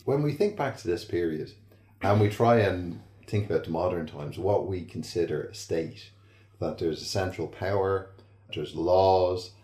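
A man hosting an interview, asking measured questions that frame the topic. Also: deep voice, a little mellow, echoey room. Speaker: podcast host.

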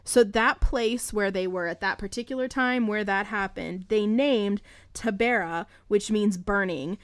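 An irreverent woman podcast host reads scripture aloud and breaks in with crude, joking asides. Her voice sits at an ordinary middle pitch. The sound is dry and close, with no room echo. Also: a little slow. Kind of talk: casual Bible reading and commentary.

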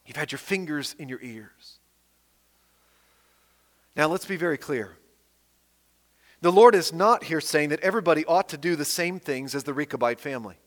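A man with a fairly high voice preaches a sermon, his words lingering in a long, ringing reverb. He reads scripture with strong, rising and falling emphasis. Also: animated, moderate pace, long pauses, a bit bright.

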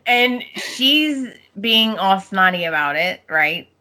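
Bright, slow-talking woman host. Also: mid-range voice, big pitch swings. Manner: reacting and laughing, slow and drawn out. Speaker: podcast host. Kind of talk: casual chat.

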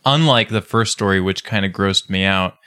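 A man on a podcast panel, teasing and energetic. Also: sits low, moderate pace, clean tone, no room sound, clean studio sound. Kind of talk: casual chat.

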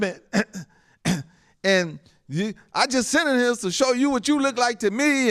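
A man preaching as a pastor, animated and laughing often, with frequent amens. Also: very high-pitched, takes it slowly. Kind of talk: sermon.

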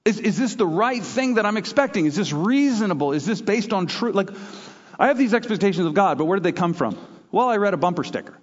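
A man, a pastor from Canada, preaches a sermon with animated storytelling, slipping into quoted voices as he goes. His voice sits slightly high for a man. The sound is a bit muffled and lo-fi, carried by the long reverb of a large hall. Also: quick pace.

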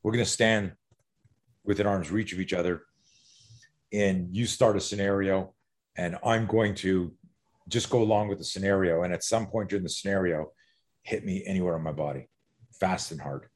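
A middle-aged man, a self-defense instructor, talking as a podcast guest in an animated, profane way, acting out fight scenarios. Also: low voice, normal speed, long pauses.

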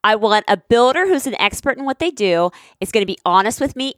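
A woman's voice: a little high, lively intonation, fairly quick, no room sound. A woman co-hosting a casual ad read in an upbeat, chatty way. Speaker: radio co-host reading an ad.

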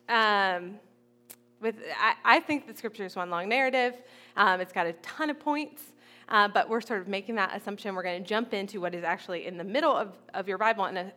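Casual woman preaching a sermon. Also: mid-range voice. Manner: casual and animated, acting out biblical figures in everyday speech. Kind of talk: conversational sermon.

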